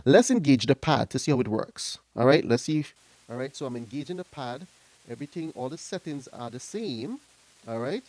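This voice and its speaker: A man walks through a piece of studio gear in a loose, chatty way, speaking right into a microphone that runs through the unit he is testing. He keeps tossing in quick check-ins with the listener as he goes, and his voice sits in a middle register. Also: mid-range voice, animated, a little mellow. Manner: loose and conversational, checks in with the viewer after nearly every phrase. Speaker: product reviewer. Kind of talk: casual hands-on gear demo. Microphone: speaking into a studio mic run through the mixer being tested.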